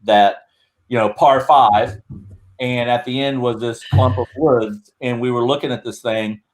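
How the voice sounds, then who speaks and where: A man's voice: medium pitch, steady tone, measured pace. A man talking as a guest in a casual video-call chat, rambling and correcting himself as he tells a story. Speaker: guest, Bigfoot researcher.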